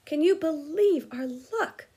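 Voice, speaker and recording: A woman's voice: animated, takes it slowly. A woman doing a panicky teen wizard boy. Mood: miserable. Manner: high, loud, shaky outbursts.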